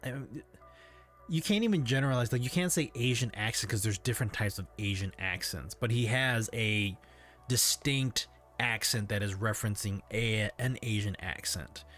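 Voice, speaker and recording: A man's voice: fairly low pitch, normal speed, a bit bright, faint music behind. A man hosting a livestream in casual chat, rambling and hesitant with frequent restarts. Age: adult parent. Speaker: livestream host.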